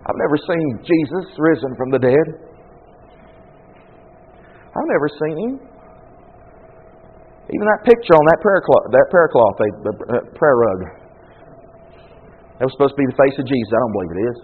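A man preaching a sermon, talking in a conversational way and reading scripture aloud, moving from quiet asides to loud, fervent bursts. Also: mid-range voice, expressive, normal speed, pauses often, slightly rough, phone-quality sound. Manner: reads scripture aloud and then explains it.

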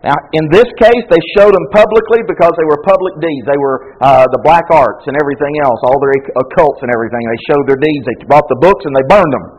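A man with a high voice delivers a sermon in a loose, conversational way. He repeats himself and acts out stammering prayers, and his tone drops low and soft at times. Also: quick pace, hardly any pauses, low-quality recording. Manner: conversational preaching, with frequent repetitions and acted-out prayers. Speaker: pastor.

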